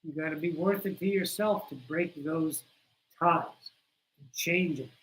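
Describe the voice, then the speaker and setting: A woman with a low voice speaks at a measured pace on a low-quality recording. Hosting a spiritual teaching livestream, she addresses her viewers bluntly, swears freely, and hammers her points home through insistent repetition, coming across as preachy.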